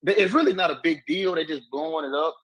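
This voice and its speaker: A man's voice: on the high side, quick pace, very noisy. A man in casual livestream chat, telling a story in laid-back slang. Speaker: stream panelist. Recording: roomy echo.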